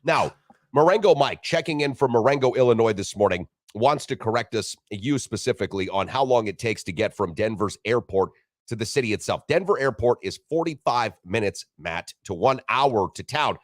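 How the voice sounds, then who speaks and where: A man hosting a sports talk show, animated and wisecracking, with crude jokes. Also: mid-range voice, normal speed, no room sound, clean studio sound. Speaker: sports radio host.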